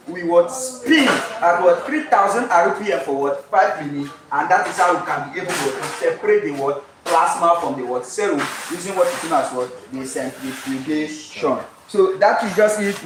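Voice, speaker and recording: A male chemistry tutor leading a live lesson at a whiteboard in call-and-response style. He keeps asking "what?" and answering himself, and slowly repeats the key terms for emphasis. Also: on the high side. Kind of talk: live-streamed exam lesson. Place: classroom with whiteboard. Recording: echoey classroom from far off with background noise.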